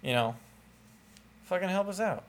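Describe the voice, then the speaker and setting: Excitable wisecracking male co-host. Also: high-pitched, normal speed. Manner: joking, swears freely, stumbles and repeats when excited. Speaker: podcast co-host. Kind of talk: casual comedic chat. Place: makeshift home setup. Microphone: lapel mic held in fingertips.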